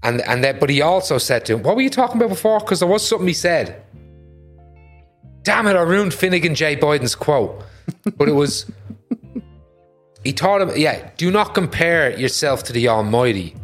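A man's voice: a little high, very animated, normal speed, pauses often, faint music behind. A man hosting a casual podcast chat, joking and swearing often. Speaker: podcast host.

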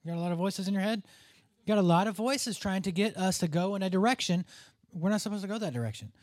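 A man's voice: high-pitched, fast, no room sound, clean studio sound. A man preaching a conversational sermon, dropping to a near whisper at tender moments. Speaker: pastor.

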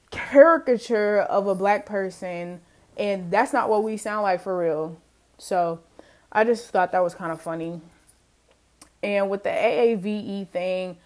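A woman's voice: mid-range voice, darkish tone. A young woman hosting a casual solo podcast, talking in a chatty, emphatic way, often laughing and addressing her listeners as y'all. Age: young adult. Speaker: podcast host.

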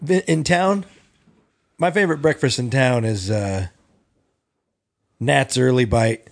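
A man on a comedy podcast telling stories in a halting way, with frequent restarts. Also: mid-range voice, vocal fry. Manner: halting storyteller, restarts often. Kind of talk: casual anecdotal chat.

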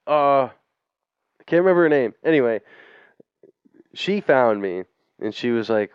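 A man's voice: medium pitch, lively intonation, measured pace, pauses often, clear, resonant tone, dry recording. A man co-hosting a podcast, telling a long story in a rambling, profane, casual way and laughing as he goes. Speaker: podcast co-host. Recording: dull, dry podcast audio.

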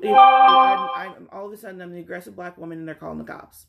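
Gravelly-voiced woman telling an exasperated story. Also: on the low side, moderate pace, loud music behind the voice. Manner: animated, exasperated retelling, mimicking others' lines. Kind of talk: casual storytelling chat.

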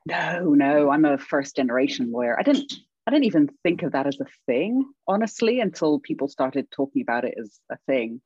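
A middle-aged woman from England with a British accent, talking casually as an interview guest, lively and self-deprecating, laughing often. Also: low voice, brisk, few pauses, breathy edge, no echo, highs cut off. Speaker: guest, legal academic.

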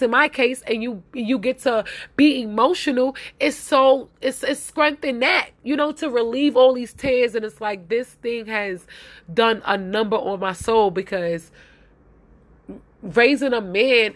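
A woman's voice: a little high, a bit bright. A young adult woman hosting a podcast, talking in a heartfelt, tearful way and repeating her phrases as she speaks. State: crying at times. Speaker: podcast host. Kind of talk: emotional podcast monologue.

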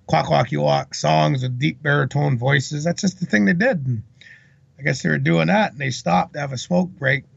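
Gravelly man spinning a yarn. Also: a little high, dry recording. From British Columbia, Canada. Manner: rambling, salty anecdotal retelling. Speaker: interview guest. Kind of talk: casual storytelling. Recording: dull lo-fi recording.

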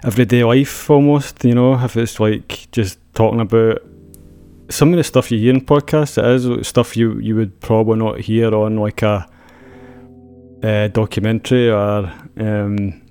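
A man's voice: lowish voice, steady tone, normal speed, warm tone, smooth. A man with a Scottish accent in a casual podcast chat, thoughtful and a bit hesitant.

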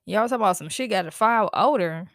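A woman's voice: medium pitch, fast talker, no echo, studio quality. Profane, fired-up woman podcast host. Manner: heated, profane, animated venting with laughs and sighs. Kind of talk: casual solo podcast rant.

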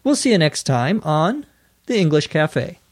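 An American man hosting an English-learning podcast, spelling words out letter by letter and repeating them slowly and clearly. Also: a little high, very animated, over music. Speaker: podcast host and English teacher. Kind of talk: slow, carefully enunciated teaching.

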